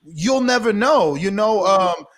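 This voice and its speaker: High-voiced emphatic American man. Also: lively intonation, a little slow, fairly bright tone. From United States. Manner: emphatic, persuasive, rhetorical questions. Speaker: boxing podcast host, guest. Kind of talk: casual interview chat.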